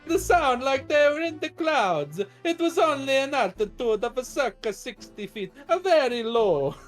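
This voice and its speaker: Guy doing a squeaky excitable balloon man, singsong, all over the place. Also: normal speed, faint music behind. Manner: high, sing-song exclamations.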